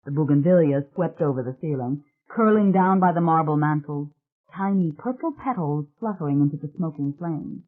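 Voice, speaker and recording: A narrator giving a steady, dramatic reading of a suspense audiobook. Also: mid-range voice, moderate pace. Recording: tinny phone-like sound.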